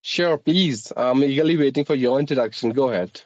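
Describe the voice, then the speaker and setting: A man's voice: mid-range voice, a little fast, darkish tone, dry recording, dull audio. A man with an Indian accent who teaches English, hosting a casual speaking-practice conversation in a formal, articulate way.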